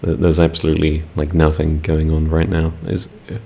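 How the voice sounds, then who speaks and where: A man's voice: a bass voice, completely flat delivery, brisk, creaky, warm tone. A young British man chatting casually with his live-stream audience, laid-back and giggly, rambling with fillers. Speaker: ASMR streamer.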